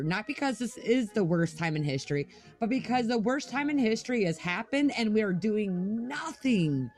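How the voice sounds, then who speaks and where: A young adult woman co-hosting a podcast, ranting angrily with lots of swearing in casual chat. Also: medium pitch. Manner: angry, profane ranting. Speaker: podcast co-host.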